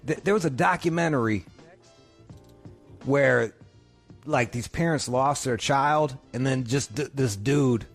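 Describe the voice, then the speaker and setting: Over soft background music, a man hosts a radio show with crude, profanity-laden comic riffing, loud and laughing. His voice is mid-range, his pace measured, and he pauses often.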